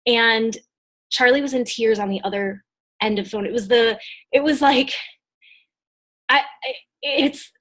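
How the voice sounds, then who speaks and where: A woman's voice: fairly high pitch, measured pace, long pauses, fairly bright tone. A woman business coach telling a personal story in a live motivational talk over a video call, in a casual, chatty way with lots of fillers and restarts.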